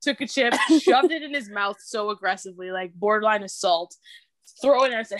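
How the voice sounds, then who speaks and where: A young Canadian woman chats casually on a podcast, telling an animated story while cursing freely and laughing along the way. Her mid-range voice is brisk, and the recording has no echo.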